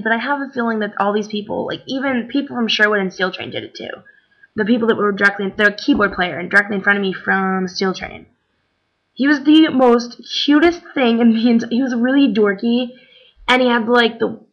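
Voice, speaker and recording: A woman's voice: fairly high pitch, vocal fry. A tired young woman chatting casually in a rambling way, with lots of "like" and "um". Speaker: vlogger. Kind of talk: casual chat. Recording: dull lo-fi webcam recording.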